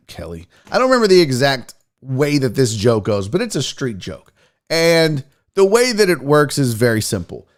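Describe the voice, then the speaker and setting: A man hosting a casual sports talk show, rambling and joking with frequent profanity. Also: fairly high pitch. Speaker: host.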